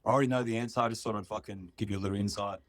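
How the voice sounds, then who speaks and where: A man's voice: fairly low pitch, fairly even intonation, racing, no echo. A man calling in to tell a story, laid-back and sweary, full of slang. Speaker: caller.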